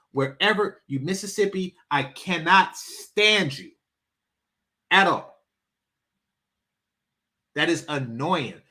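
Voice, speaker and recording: A man hosting a live stream, making blunt, crude and profane rapid-fire comments. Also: fairly high pitch, bright, forceful tone. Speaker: stream host reacting to a clip.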